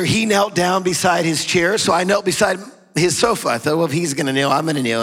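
A middle-aged man preaching a sermon, telling a story and swinging from loud praise to quiet asides. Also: a little high, gravelly, husky. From half German, half Hispanic. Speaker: pastor. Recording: long hall reverb.

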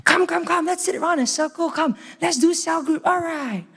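A man voicing an excited churchgoer who gushes in a high, breathless voice, in an echoey hall. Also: a little fast. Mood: gushing. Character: gushing excited churchgoer, adult, swept up in feeling.

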